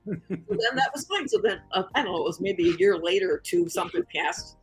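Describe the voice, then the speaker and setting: An older woman from the Chicago area, a guest in an interview, telling a story with lively acted-out voices. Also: mid-range voice, a little fast, breathy edge, faint music behind, poor audio. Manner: animated storyteller who acts out the voices in her story.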